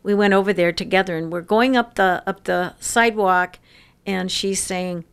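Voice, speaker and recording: A woman around sixty telling stories in an interview, lively and laughing often. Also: medium pitch, moderate pace, vocal fry, clear, resonant tone. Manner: lively storyteller who laughs often and acts out quoted voices. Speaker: interview guest. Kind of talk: casual storytelling interview.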